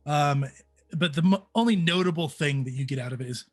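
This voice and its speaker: Playful game master, man, higher voice. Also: fairly quick, faint music behind. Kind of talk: narrating a tabletop game.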